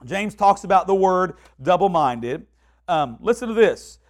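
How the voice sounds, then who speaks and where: High-voiced man preaching a casual sermon. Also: a little slow. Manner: conversational, repeats words and restarts, quotes people in lively voices.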